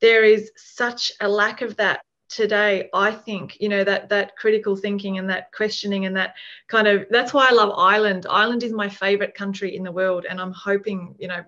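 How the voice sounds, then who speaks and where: A woman's voice: mid-range voice, steady tone, normal speed, a bit bright. A woman hosting a podcast, talking reflectively in a rambling way, full of fillers and restarts. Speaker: podcast host. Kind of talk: casual conversation. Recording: dull lo-fi sound.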